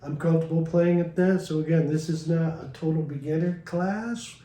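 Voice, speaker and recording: A man giving a casual guitar lesson, explaining in a slow, halting way with many restarts. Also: fairly high pitch, dark tone, reverberant, poor audio. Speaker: guitar teacher. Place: recording studio. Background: guitar playing.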